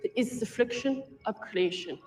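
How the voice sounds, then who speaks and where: Woman playing a formal female researcher, fake foreign accent, stiff speech, distant voice, loud music behind. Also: on the high side, animated, moderate pace, close to an everyday voice. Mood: solemn. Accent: put-on foreign accent.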